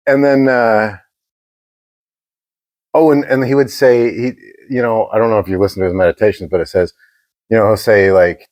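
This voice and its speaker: A man's voice: fairly low pitch, animated, fast, darkish tone, no room sound. A man co-hosting a podcast, telling a rambling, profane story in casual chat. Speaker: podcast co-host.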